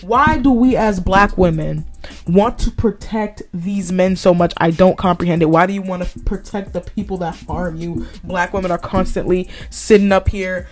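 A woman's voice: fairly low pitch, normal speed, soft background music. A podcast host, a woman, delivering a blunt, heated commentary rant, swearing constantly and scolding with repeated points.

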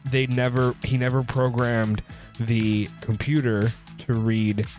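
A man's voice: mid-range voice, level tone, slow pace, a little mellow, soft background music. A man hosting a casual movie review show, rambling through the plot with many filler words and restarts. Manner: sipping a drink while recording. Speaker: movie review podcast host.

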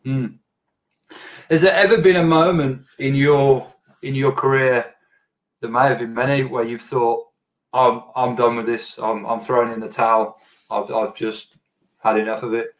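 A man interviewing a guest, asking long, halting questions with restarts. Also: mid-range voice, level tone, rough recording.

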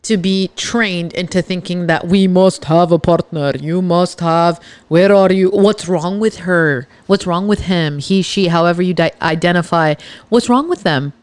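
A woman's voice: lowish voice, measured pace, no room sound. A woman hosting a podcast, talking casually and emphatically as she gives her listeners a pep talk. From Los Angeles, California. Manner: chatty and emphatic, with laughs and restarts. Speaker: podcast host.

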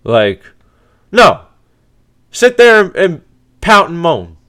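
A man's voice: high voice, big pitch swings, slow, pushed and bright, clear, resonant tone. A man hosting a sports podcast, ranting in a heated, profane, exasperated way, with many restarts. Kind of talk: casual sports rant.

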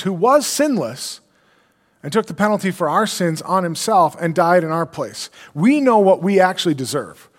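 Male preacher, slightly high voice, earnest sermon delivery, reverberant sanctuary sound. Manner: earnest preaching, quoting scripture, rhetorical questions. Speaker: pastor.

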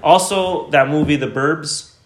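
A man co-hosting a podcast, telling a story in a casual, profane, animated way. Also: a little high, unhurried, echoey room. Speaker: podcast co-host.

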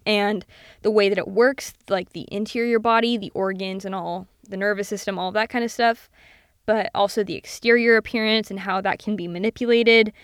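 A woman's voice: medium pitch, clear, resonant tone, dry recording, clean studio sound. A young woman hosting her own podcast, talking casually and animatedly about film, full of fillers and casual swearing. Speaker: podcast host. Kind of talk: casual solo commentary.

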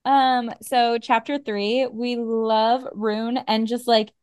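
Young female co-host, high-ish voice, dry close mic, laid-back reactive chat. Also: little pitch movement, darkish tone, clean tone, no room sound. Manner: laid-back, chimes in with quick reactions and laughs. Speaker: podcast co-host. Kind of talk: casual book-discussion chat.

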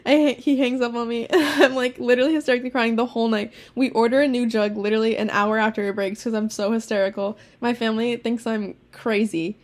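A teenage girl chatting casually as a podcast co-host, telling stories quickly with lots of swearing and laughter. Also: on the high side, steady tone. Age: teens. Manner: fast, profane storytelling with laughs. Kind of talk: casual chat.

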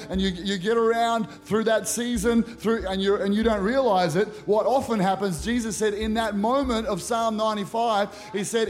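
A middle-aged male pastor preaching a conference sermon into a handheld microphone, emphatic and acting out prayers. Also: high voice. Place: large church auditorium at a conference.

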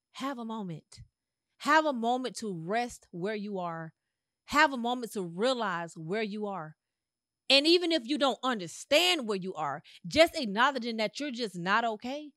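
Woman podcast host, high bright voice, emphatic repetitive pep talk, dry close mic. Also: dry recording. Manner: emphatic, repetitive, conversational preaching. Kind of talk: motivational monologue.

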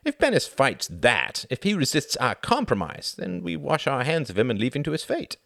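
A man's voice: medium pitch, wildly swooping pitch, normal speed, vocal fry, fairly bright tone, no room sound, clean studio sound, voice pushed up, exaggerated voice. A man reading the part of a weary, cynical older aristocratic diplomat with a sardonic drawl.

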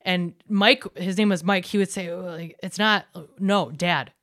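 A woman's voice: lowish voice, fairly even intonation, normal speed, a bit bright, no room sound, clean studio sound. A young woman from South Dakota with a Midwestern accent, co-hosting a podcast in casual, laughing chat full of fillers and restarts. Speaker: podcast co-host.

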